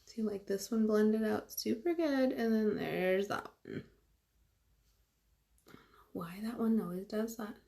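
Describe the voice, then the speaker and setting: Woman, casual livestream chat, rambling with fillers, creaky fry. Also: medium pitch, slow pace, long pauses, warm tone. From California. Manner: chatty, rambling, many "like"s and fillers. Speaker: makeup vlogger on a livestream. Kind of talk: casual livestream chat while applying makeup.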